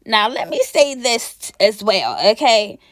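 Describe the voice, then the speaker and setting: Sassy gossiping woman with a lively voice. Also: a little high, measured pace, no room sound, studio quality. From Pennsylvania. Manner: sassy, gossipy, laughs often. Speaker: reality show recap host. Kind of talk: casual chatty recap.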